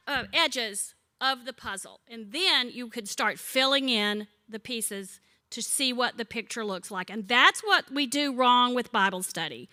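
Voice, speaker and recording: A woman in her sixties leading a church Bible study, teaching in a chatty way with funny stories and questions to the group. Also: high-pitched. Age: 60s. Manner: chatty, warm-humored storyteller who asks the group questions. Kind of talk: conversational teaching with humorous stories.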